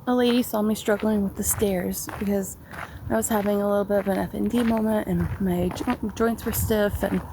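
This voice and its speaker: A young woman vlogger telling an emotional personal story, slow and halting, her voice tearful at times. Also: medium pitch, background noise.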